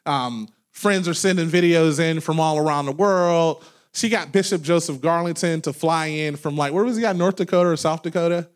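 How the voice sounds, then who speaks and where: A man in his thirties, a pastor preaching a sermon, loud and animated as he tells stories with laughs. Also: a little high, normal speed. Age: 30s. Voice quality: loud talker. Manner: animated storytelling with laughs and acted quotes. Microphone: handheld microphone held away from mouth.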